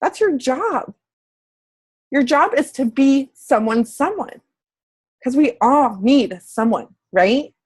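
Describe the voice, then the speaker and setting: A woman's voice: sits high, lively intonation, slow pace, a little mellow, husky. A woman fitness coach in her thirties, talking to camera in a candid, chatty way and swearing casually. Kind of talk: casual motivational talk to camera.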